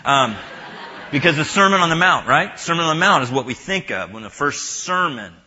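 Male pastor, casual sermon, halting and joking, bright husky voice, dull low-fi capture. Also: animated. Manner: halting and chatty, joking with the audience. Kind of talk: conversational sermon. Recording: muffled lo-fi recording.

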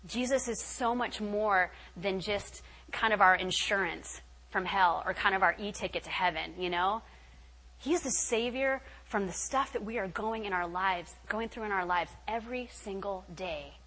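Woman, young adult, from California, bright clear voice, candid storytelling, faith testimony at a retreat. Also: medium pitch, normal speed, poor audio. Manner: candid, animated storytelling with filler words. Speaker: retreat speaker. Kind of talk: personal testimony talk. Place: retreat meeting hall.

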